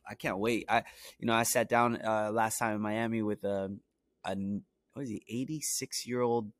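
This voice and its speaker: A man's voice: on the low side, steady tone, normal speed, no echo. Young man telling stories, rambling. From Brooklyn, New York. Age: young adult. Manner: rambling, heavy on "you know" and "like" fillers. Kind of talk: casual storytelling.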